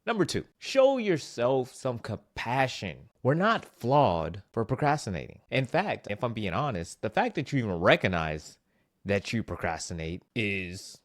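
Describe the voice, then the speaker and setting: A man presenting a scripted motivational vlog with self-help advice, animated and self-mocking, with playful asides. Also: mid-range voice, measured pace, dry recording, studio quality.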